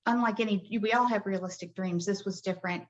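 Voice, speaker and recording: A middle-aged woman, a grief coach, talking in a soft, heartfelt way with many hesitations in a podcast interview. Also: mid-range voice, brisk. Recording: dull lo-fi audio.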